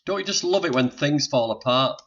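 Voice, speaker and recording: On his casual live stream, the older Northern English man chats and jokes with viewers as he tackles technical problems. His voice is medium-pitched, expressive, fairly quick and fairly bright, though the lo-fi stream audio is dull.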